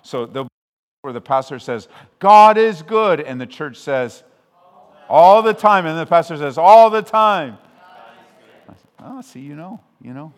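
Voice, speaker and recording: A man from Southern California preaching a sermon as pastor, conversational with frequent restarts, swelling loud when he quotes scripture. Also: fairly low pitch. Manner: conversational and self-interrupting, with restarts. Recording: long hall reverb.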